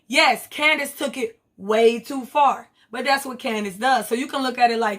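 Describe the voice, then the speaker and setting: A woman's voice: on the high side, fairly even intonation, normal speed, hardly any pauses, a bit bright. A woman recapping reality TV in a blunt, profane, rambling vlog. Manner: blunt, profane, rambling commentary with quoted asides.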